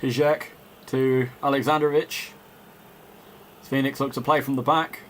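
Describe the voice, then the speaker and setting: A man's voice: medium pitch, flat delivery, a little slow, fairly bright tone, a little hiss or hum. A man doing playful mock football commentary over a video game, joking, laughing often and chatting with viewers. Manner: jokey, laughs often, breaks off to chat with viewers.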